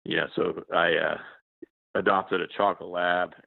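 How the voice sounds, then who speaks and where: Deep-voiced man on a tinny phone line. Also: little pitch movement, moderate pace, vocal fry, dry recording. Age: 40s. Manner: rambling, many restarts and fillers. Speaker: journalist guest. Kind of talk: casual interview chat.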